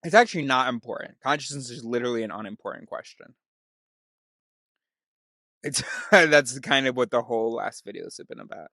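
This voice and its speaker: A man's voice: mid-range voice, lively intonation, fairly quick, vocal fry, pauses often, pushed and bright, dry recording. Rambling, self-interrupting man, dry close sound. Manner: meandering, self-interrupting, laughs at himself. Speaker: video host. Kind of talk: rambling solo video talk.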